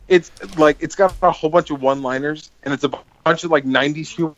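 A man's voice: on the high side, quick pace, few pauses, dry recording, highs cut off. A man co-hosting a podcast, casually retelling scenes from an old comedy film with lots of fillers and acted-out lines. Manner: rambling, animated storytelling with quoted movie lines. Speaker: podcast co-host. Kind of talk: casual chat.

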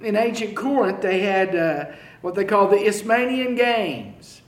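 A man preaching a sermon, slow and halting, often repeating key phrases for emphasis. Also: sits high, expressive, roomy sound. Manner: slow, halting delivery with frequent fillers and restarts.

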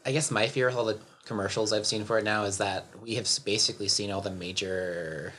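A young man with a somewhat low voice chatting on a movie podcast. He muses aloud and chuckles as he goes. A faint hiss sits under the recording. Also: steady tone, fast, pushed and bright. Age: young adult. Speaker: podcast co-host. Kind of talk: casual chat.

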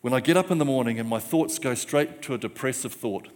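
A man's voice: mid-range voice, a little fast. Guy preaching in a big echoey church hall, gets the crowd repeating lines back, medium voice. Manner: rousing, repeats call-and-response phrases. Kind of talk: sermon. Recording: long church hall reverb.

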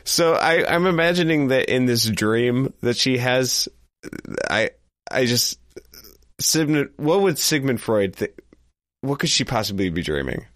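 A man's voice: mid-range voice, animated, unhurried, a bit bright, dry recording, clean studio sound. A man co-hosting a casual, comedic music chat, teasing and giggling. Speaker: podcast co-host.

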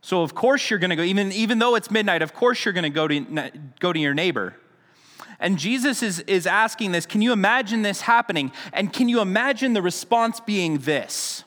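A man's voice: sits high, lively intonation, brisk, a bit bright, in a large hall. A man preaching a sermon in a casual, conversational teaching style, with frequent restarts and asides. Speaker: pastor.

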